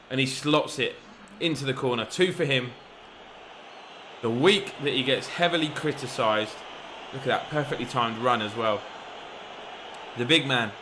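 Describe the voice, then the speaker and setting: Brief: gamer, bright tone, excitable match commentary, faint room ambience. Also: male voice, mid-range voice, a little hiss or hum. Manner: excitable, shouts at the referee. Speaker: gaming YouTuber. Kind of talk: game commentary.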